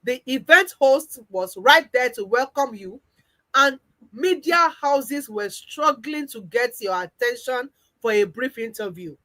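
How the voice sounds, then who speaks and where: A woman's voice: on the high side, expressive, measured pace, pushed and bright, low-quality recording. A woman coach with a Nigerian accent narrating a second-person guided visualization story. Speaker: weight-loss coach.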